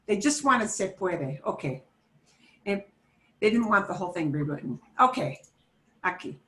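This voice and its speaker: A woman's voice: medium pitch, expressive, moderate pace, fairly bright tone. A woman teaching a beginner Spanish lesson, explaining patiently step by step and mixing Spanish phrases into her English.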